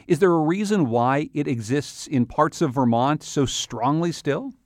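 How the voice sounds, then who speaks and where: A man's voice: a little high, animated, measured pace, a little mellow, no room sound, studio quality. A man hosting a radio interview, asking curious, conversational questions. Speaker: radio host.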